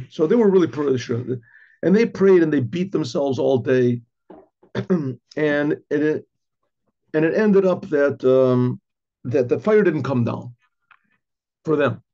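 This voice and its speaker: A middle-aged man, a rabbi, teaching an informal class in a conversational way, restarting phrases, asking rhetorical questions and often clearing his throat. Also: on the high side, mellow. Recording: dull lo-fi recording.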